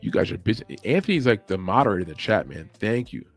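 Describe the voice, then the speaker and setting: A man hosting a late-night livestream, chatting loosely with his viewers and swearing freely, and now and then mimicking commentators with sudden yells and whispers. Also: fairly low pitch, sing-song, fast, gravelly, slightly rough. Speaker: podcast host. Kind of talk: casual livestream chat. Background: faint music playing.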